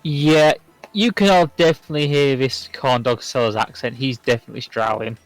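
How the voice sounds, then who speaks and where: A man's voice: mid-range voice, fairly even intonation, a little fast, no room sound, poor audio. A man narrating as game master of a tabletop game, chatty and loose.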